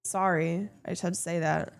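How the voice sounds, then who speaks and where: A woman's voice: on the low side, fairly even intonation, normal speed, vocal fry, clean tone. A woman streamer chatting casually with her viewers, blunt and playful, swearing freely.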